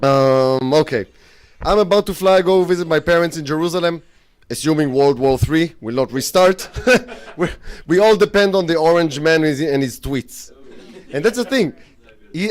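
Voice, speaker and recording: A man's voice: fairly high pitch, lively intonation, moderate pace. A man opening a live stand-up set at a comedy show, nervous and joking. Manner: nervous, joking, self-conscious.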